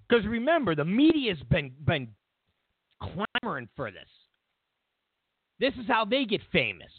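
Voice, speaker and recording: Sarcastic, animated male show host. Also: high-pitched, unhurried, creaky, long pauses, husky, dry recording. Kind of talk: casual political commentary rant. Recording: tinny phone-like line, dry.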